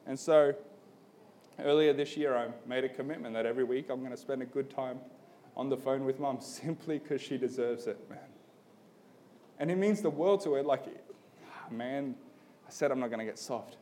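A man's voice: medium pitch, moderate pace, warm tone, slight background noise. A young adult man preaching a conversational sermon, telling a personal story loosely and then building to an earnest appeal. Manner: casual and storytelling, peppered with "like" and "man". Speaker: pastor.

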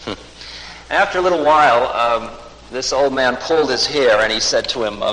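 A man's voice: medium pitch, moderate pace. Guy telling a story, doing all the voices, big echoey hall sound. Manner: animated storyteller acting out quoted voices. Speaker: spiritual teacher telling a story. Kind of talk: recorded talk, personal storytelling. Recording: echoey hall recording with faint noise.

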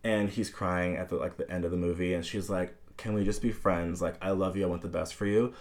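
A man in casual podcast chat about a film, animated and profane, acting out characters' lines as he retells scenes. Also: deep voice, brisk.

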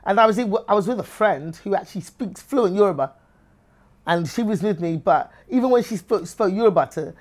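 An Englishwoman, a comedian appearing as an interview guest, tells stories and acts out other people's voices along the way. Her voice is medium-pitched with a darkish tone, and she talks animatedly and fairly quickly in a lively interview conversation.

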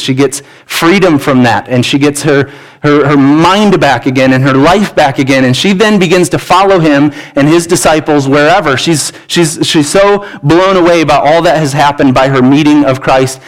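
A man's voice: on the high side, normal speed, low-quality recording. A pastor preaching a sermon in a church, earnest and pleading, often restarting his words. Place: church sanctuary.

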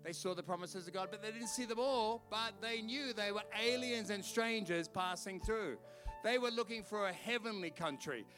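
Australian male pastor, high voice, animated storytelling preacher, faint music behind. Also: normal speed. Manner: animated, conversational, exhorting. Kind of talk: sermon with personal storytelling. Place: church service.

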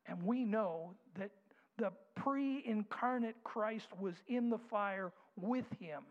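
A man preaching a sermon, dropping to soft whispers and rising to loud, slow declarations. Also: high-pitched. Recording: dull sound with long hall reverb.

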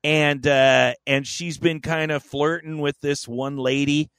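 A man's voice: on the high side, steady tone, measured pace, a bit bright, clean tone, dry recording. A man co-hosting a podcast, telling a story in a rambling, profane, joking way. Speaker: podcast co-host. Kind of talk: casual chat.

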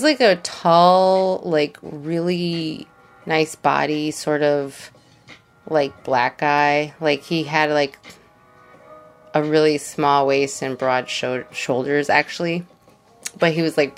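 A woman's voice: deep voice, creaky. A young woman hosting a podcast, telling a personal story in a chatty way, full of filler words. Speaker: podcast host. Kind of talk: casual storytelling.

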